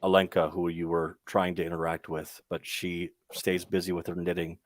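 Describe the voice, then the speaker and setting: A man's voice: low-pitched, monotone, normal speed, no echo, clean studio sound. A young man narrating a tabletop game as game master, rambling along with many ums and restarts.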